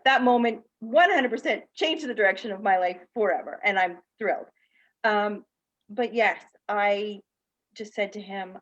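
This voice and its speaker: A woman's voice: mid-range voice, dull audio. A woman on a video call, telling her personal story candidly and acting out the people in it, as a guest speaker and teacher. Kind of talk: personal story told in a panel talk.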